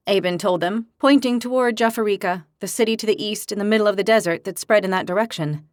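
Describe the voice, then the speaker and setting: A woman narrating a fantasy audiobook with even, clear storytelling, recorded on a close studio mic. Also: mid-range voice, brisk, dry recording.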